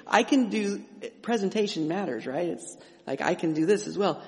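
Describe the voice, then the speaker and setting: Middle-aged man, pastor, chatty emphatic sermon, a bit high-pitched, echoing sanctuary. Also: animated, moderate pace, creaky, a little mellow. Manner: conversational preaching with restarts and emphatic asides. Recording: long hall reverb.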